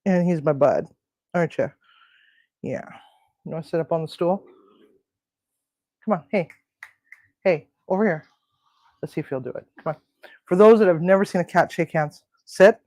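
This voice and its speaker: A woman's voice: lowish voice, normal speed, long pauses, a little mellow, no room sound. A woman hosting a casual home cooking video, rambling and chatty, cooing at her pets. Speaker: home cooking show host. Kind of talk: casual cooking and pet chat.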